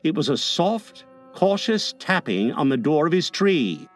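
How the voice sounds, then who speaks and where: A man narrating a storybook aloud in a dramatic way, shifting from hushed to lively. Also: on the high side, a little slow, faint music behind. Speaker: audiobook narrator. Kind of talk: expressive storybook reading.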